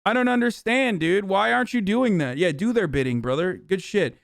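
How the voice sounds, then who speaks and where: A male streamer rants at his chat in heated, profane, blunt and mocking bursts of live-stream commentary. His smooth, resonant voice sits fairly high for a man and moves at a moderate pace. It's recorded close and dry, without room sound.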